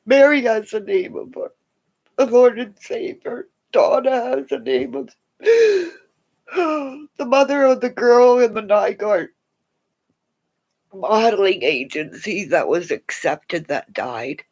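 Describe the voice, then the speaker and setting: Slow, gravelly woman rambling. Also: fairly high pitch, animated. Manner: rambling, drifting into soft whispers. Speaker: livestream host. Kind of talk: casual livestream chat.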